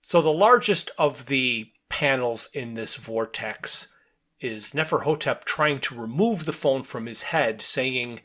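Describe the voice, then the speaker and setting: A man co-hosting a casual comic book podcast, speaking at an unhurried, slow pace in a mid-range voice. He walks through the panels one by one and reads the dialogue aloud, often breaking into laughter. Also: mid-range voice, a bit bright. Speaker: podcast co-host.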